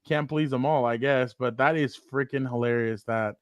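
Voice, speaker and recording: A man's voice: mid-range voice, fairly even intonation, moderate pace, dry recording, muffled recording. A man co-hosting a sports podcast, casual and playfully teasing his partner.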